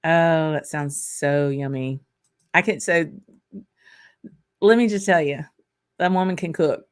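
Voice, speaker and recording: Her voice is low, slow, clear, and resonant: a Southern-accented woman from Arkansas running a casual livestream. Rambling and chatty, she reads viewers' comments aloud, laughing and using fillers often.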